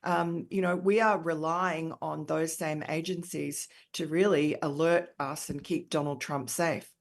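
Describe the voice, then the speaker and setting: Australian woman guest, low register, emphatic, filler-heavy, middle-aged. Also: fairly even intonation, a little slow. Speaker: author and columnist guest. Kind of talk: conversational interview answers.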